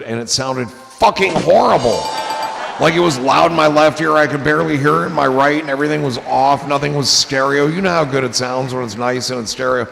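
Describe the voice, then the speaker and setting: A man hosting a live stream, chatting casually and telling rambling, profane stories that turn excited. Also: medium pitch, fairly quick, creaky, in a large hall, faint music behind. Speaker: streamer host.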